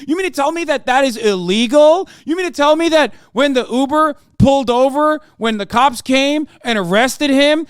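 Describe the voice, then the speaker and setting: A man's voice: very high-pitched, animated, moderate pace, hardly any pauses, dry recording, studio quality. A man streaming live, reacting to the news in a sarcastic, rambling rant full of fillers. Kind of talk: casual live-stream commentary.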